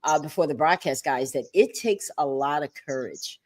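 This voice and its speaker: Chatty, animated woman hosting a talk show. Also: low voice, moderate pace. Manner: animated and chatty, with playful asides.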